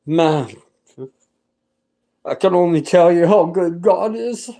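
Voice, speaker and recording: A man's voice: sits high, takes it slowly, gravelly, warm tone. A middle-aged man giving a personal religious testimony, talking in an earnest, rambling and fervent way with many restarts.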